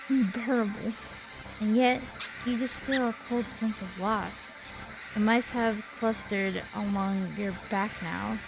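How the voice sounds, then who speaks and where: A woman in her twenties, a gamer reading horror game text aloud in a slow, dramatic way. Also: mid-range voice. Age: 20s. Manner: slow, dramatic reading with sudden startled outbursts.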